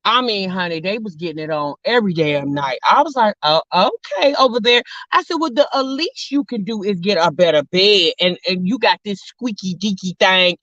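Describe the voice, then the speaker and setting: A woman vlogger telling a story to her viewers in a sassy, drawling, animated way, calling them honey and girl. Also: mid-range voice, moderate pace, few pauses, dry recording, highs cut off. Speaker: vlog host.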